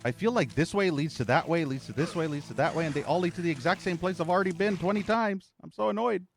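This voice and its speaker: A man's voice: on the high side, quick pace, soft background music. A man streaming a video game, complaining and cursing as he plays. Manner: irritated, cursing, ranting. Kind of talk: gameplay commentary.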